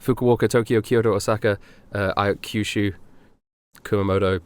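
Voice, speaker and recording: A man's voice: fairly low pitch, fairly even intonation, normal speed, clear, resonant tone. Chatty young man telling travel stories. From Europe. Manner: rambling anecdotes, laughing, acting out other people's lines. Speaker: podcast co-host. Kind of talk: casual chat.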